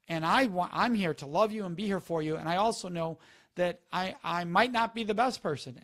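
A man on a live stream giving earnest, instructive advice and repeating the key words for emphasis. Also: sits high. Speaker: speaker on preventing sexual assault, talking to a live audience.

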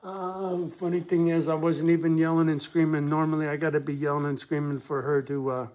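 A man venting to camera in a personal vlog, blunt and swearing, his voice swelling loud when he is angry and then dropping soft. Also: on the high side, little pitch movement. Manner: slow, deliberate delivery with pauses. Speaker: vlogger on his rural property.

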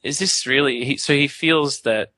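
A man in his twenties talking casually on a panel, animated and full of restarts. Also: medium pitch, normal speed. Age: 20s. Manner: animated, many restarts and self-interruptions.

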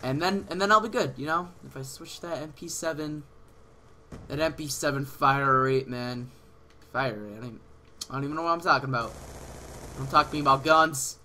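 A teenage man commentating his own gameplay casually, excitable and swearing, with sudden yells at other players, on a headset mic. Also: fairly high pitch, moderate pace, slight background noise. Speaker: gaming channel host.

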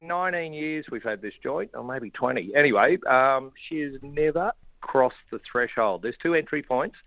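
A man's voice: mid-range voice, expressive, normal speed, gravelly, dry recording, highs cut off. A middle-aged Australian man chatting casually as a radio guest, telling jokey stories from his home studio in a shed. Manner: laid-back, jokey storytelling. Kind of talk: casual chat.

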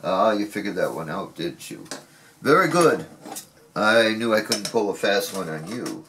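Male cooking-vlog host, lower register, very lively intonation, playful and teasing, home kitchen. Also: unhurried, slight background noise. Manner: playful, teasing asides to the viewer. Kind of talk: casual cooking vlog, chatting to viewers.

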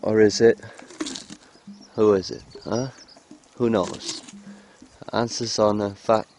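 A man's voice: lowish voice, fairly even intonation, slow, darkish tone, a little hiss or hum. A man filming in a cold outdoor field, rambling and joking in loose commentary to the camera, breaking into chanted mantras. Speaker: vlogger filming animals.

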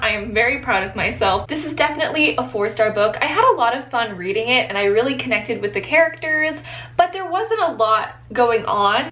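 High-voiced chatty woman book vlogger. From Florida, USA. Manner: chatty and excitable. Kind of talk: casual vlog chat. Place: home, partly outdoors.

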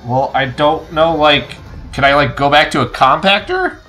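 A man playing a horror game and talking casually, excitable and swearing, yelping when something startles him. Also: a little high, normal speed. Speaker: let's play gamer. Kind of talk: casual gameplay commentary.

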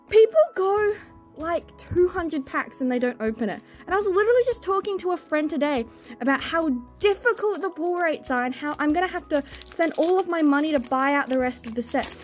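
Young woman w a high voice opening packs, gushing + squealy, chatty vlog vibe. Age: young adult. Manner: excitable, gushing, squeals over good pulls. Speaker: card-opening vlogger. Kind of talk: casual chat while opening card packs.

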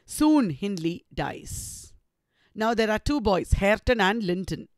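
A woman with an Indian English accent giving a recorded literature lecture, retelling the story slowly and deliberately. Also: mid-range voice, animated, no echo.

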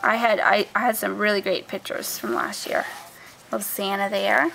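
A young woman vlogger showing her handmade scrapbook albums in a soft, chatty way, often trailing off and starting over. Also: medium pitch, steady tone, moderate pace, creaky, low-quality recording. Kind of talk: casual show-and-tell. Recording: faint background noise.

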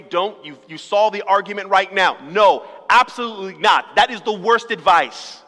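Bright-voiced pastor in a reverberant church. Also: male voice, high voice, moderate pace, few pauses. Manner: conversational, humorous, acts out little dialogues. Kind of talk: sermon. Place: church sanctuary. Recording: long reverb of a church hall.

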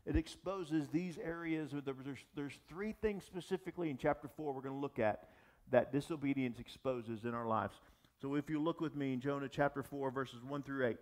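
A man preaching a sermon as pastor, talking animatedly with frequent restarts and asides to the audience. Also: on the high side. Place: church or gathering space for young adults.

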